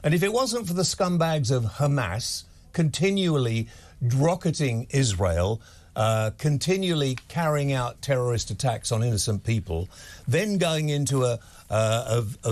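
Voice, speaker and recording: Bloke hosting a tv debate, blunt, keeps hammering one question. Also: male voice, medium pitch, expressive, moderate pace, a little mellow. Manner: blunt, presses the same question again and again. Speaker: TV talk show host. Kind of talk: heated TV debate.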